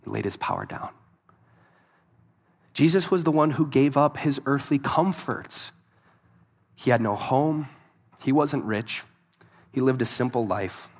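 A man's voice: mid-range voice, animated, unhurried, pauses often. A man preaching a sermon, telling a story in an earnest voice that swells and drops for emphasis. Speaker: pastor.

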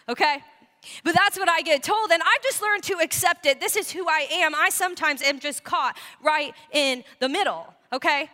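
A woman pastor giving a sermon, telling animated, self-deprecating stories to her congregation. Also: high-pitched, normal speed, long reverb tail. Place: church sanctuary.

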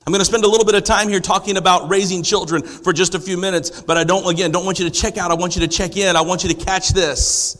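A man's voice: high-pitched, steady tone, quick pace, hardly any pauses, a bit bright. A man preaching a sermon to a congregation, asking rhetorical questions and building to emphatic declarations. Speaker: pastor. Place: church sanctuary. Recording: long hall reverb.

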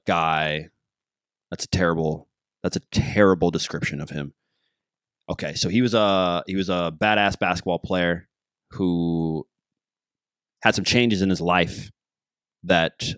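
A man's voice: sits low, no echo, studio quality. A man hosting his podcast alone, rambling casually, joking and losing his train of thought. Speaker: podcast host. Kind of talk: casual solo podcast monologue.

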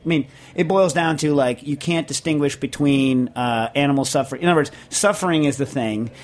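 A man with a New York accent hosts a radio talk show in a loose, jokey, rambling way full of fillers. His voice sits a little high. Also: fairly quick.

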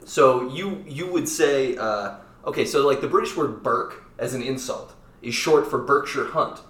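This man's medium-pitched, fairly bright voice is captured from a distance, off-mic in an echoey room. He hosts a casual podcast and runs a quiz game, keeping the chat playful and jokey with quick asides.

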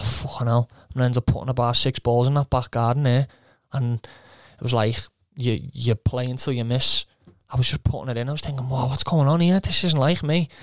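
A man's voice: medium pitch, clear, resonant tone, dry recording, clean studio sound. Young man, rambling story. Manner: rambling, swears, quotes himself, laughs often. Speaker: footballer guest. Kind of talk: casual anecdote.

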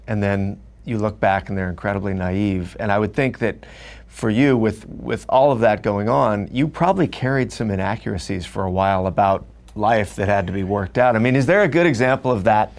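A man's voice: lowish voice, normal speed. A male host who interviews thoughtfully, paraphrasing his guest and asking probing questions. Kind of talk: conversational interview.

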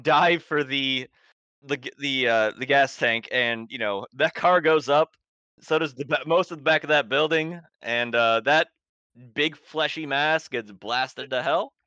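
A male game master narrates a tabletop horror game in a bright, forward voice. He is laid-back and halting, with lots of fillers. The sound is dry and a bit dull, like a cheap mic close up. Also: medium pitch, clear, resonant tone, no echo.

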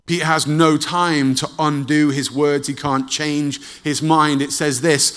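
A man preaching a sermon, telling the story dramatically and dropping low and soft at tense moments. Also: little pitch movement, a little slow, hardly any pauses.

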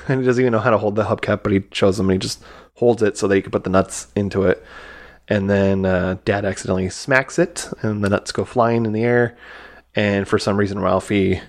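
Male podcast co-host, lowish voice, relaxed chatty recaps with quick voiced quotes. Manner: retells scenes with quick acted quotes. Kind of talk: casual movie review chat.

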